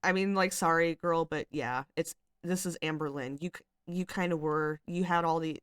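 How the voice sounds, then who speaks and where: A woman's voice: low voice, normal speed, smooth, no echo, studio quality. A young woman casually commenting on screenshots she reads aloud, chatty and exasperated, with lots of filler words. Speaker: commentary channel host.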